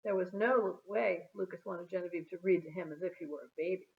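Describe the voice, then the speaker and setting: A woman reading a children's chapter book aloud in an expressive, storytelling manner. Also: on the low side, a little fast, creaky. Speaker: storybook reader. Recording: phone-like narrow sound.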